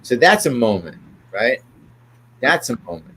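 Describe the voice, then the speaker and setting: Unhurried and sing-song, an older man's fairly bright, medium-pitched voice carries his rambling show-business stories as an interview guest, each remark tagged with "right?" There's a little hiss or hum in the audio.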